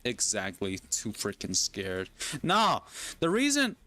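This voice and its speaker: Excitable, crude-joking male streamer. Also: on the low side, slow pace. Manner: excitable, crude, joking, lots of yelling and laughing. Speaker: gaming streamer. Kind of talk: casual livestream commentary.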